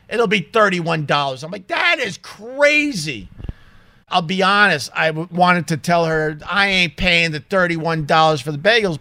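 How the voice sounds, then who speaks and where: Ranting male vlogger, high bright voice, dry close sound, indignant and emphatic. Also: no room sound. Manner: indignant, emphatic, swears freely. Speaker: vlogger telling a story. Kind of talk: casual ranting monologue. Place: small home studio.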